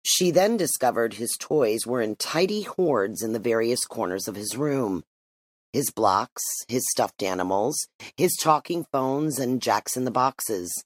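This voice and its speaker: A narrator reading a literary story aloud in an expressive, measured way. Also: medium pitch, no room sound. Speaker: audiobook narrator.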